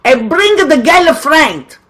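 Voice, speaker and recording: Woman doing a high, accented, feisty grandma of one hundred; a loving send-up. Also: sing-song, takes it slowly, a bit bright, full character voice. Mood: insistent. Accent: old-country accent, put on. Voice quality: higher-pitched.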